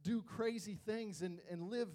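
Preaching to youth at a measured pace, a young youth pastor uses a high-pitched voice. He tells animated stories from his family life and mimics the voices of the people he quotes.

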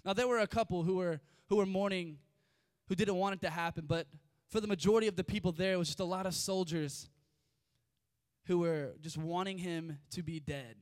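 Casual young male preacher, smooth voice. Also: sits high, fairly even intonation, a little fast, no echo, clean studio sound. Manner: informal, chatty asides amid scripture reading. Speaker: youth preacher. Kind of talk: casual sermon.

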